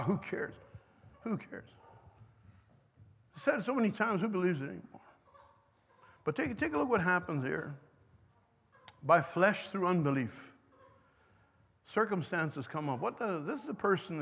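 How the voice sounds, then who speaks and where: Earnest gravelly-voiced male preacher in a hall. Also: high voice. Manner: earnest, emphatic, asks the audience questions. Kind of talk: sermon. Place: church hall. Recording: dull sound, long reverb in a hall.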